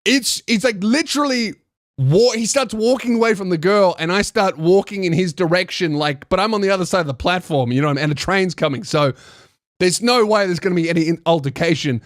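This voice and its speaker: High-voiced man telling a heated, sweary story. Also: fairly quick, no room sound, clean studio sound. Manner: profane, heated, with frequent restarts. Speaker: podcast host and comedian. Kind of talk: comedic storytelling. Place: podcast studio.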